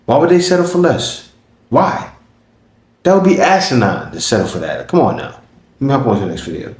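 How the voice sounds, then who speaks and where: A man hosting a reaction video, commenting in a casual, animated way and asking rhetorical questions. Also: medium pitch, fairly quick, echoey room, slight background noise.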